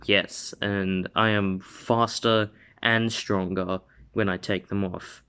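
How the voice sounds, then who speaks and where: Earnest teenage boy hero, polite and steady, voiced by a male storyteller, low and unhurried. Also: smooth, heavily acted.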